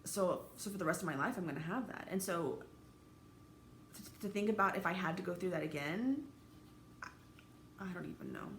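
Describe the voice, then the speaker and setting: Woman, 30s, vlogger, gravelly, raw, halting, roomy room echo with faint background noise. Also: lowish voice, lively intonation, fairly bright tone. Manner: halting, candid, swears freely, emotionally raw. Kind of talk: personal vlog monologue.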